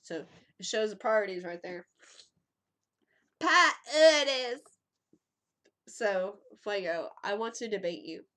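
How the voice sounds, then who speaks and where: A woman in her thirties hosts a casual livestream at normal speed in a mid-range voice. She rambles into a webcam mic, swearing freely and giggling.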